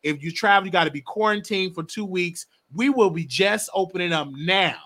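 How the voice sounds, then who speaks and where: A man's voice: high voice, normal speed, a bit bright. A man hosting a live stream, giving casual, emphatic political commentary and swearing now and then.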